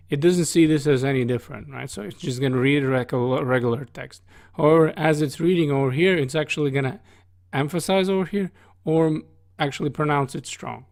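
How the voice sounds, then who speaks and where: A man's voice: a little high, darkish tone. A man teaching coding over a screen recording, talking casually and asking "right?" after nearly every phrase. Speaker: coding instructor. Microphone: studio desk microphone.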